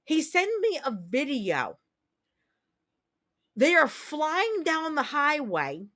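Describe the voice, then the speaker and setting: Woman host in her thirties, casual stream chat, heartfelt and blunt, a little higher-pitched, thick accent. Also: big pitch swings, slow pace, sharp tone. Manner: candid, emotional, repetitive storytelling with mild swearing.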